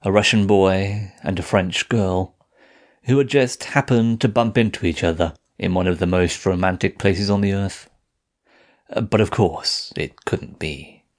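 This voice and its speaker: A man narrating a first-person audiobook in a measured, steady reading voice. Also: sits low.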